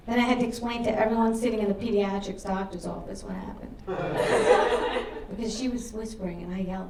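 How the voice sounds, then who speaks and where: Female stand-up comic, middle-aged, brash and deadpan; slightly high voice, distant roomy club recording with noise. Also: normal speed. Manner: brash, crude deadpan punchlines. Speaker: stand-up comedian. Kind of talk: stand-up comedy set. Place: comedy club stage. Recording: roomy club sound from afar, audience laughter.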